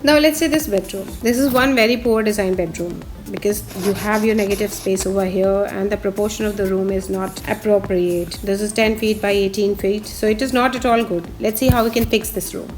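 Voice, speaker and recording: A woman's voice: medium pitch, steady tone, brisk, few pauses, over music. A woman, an architect and interior designer, explaining step by step how to lay out furniture on a house plan. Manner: explains step by step, pointing out spots on a drawing. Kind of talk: instructional walkthrough of a floor plan.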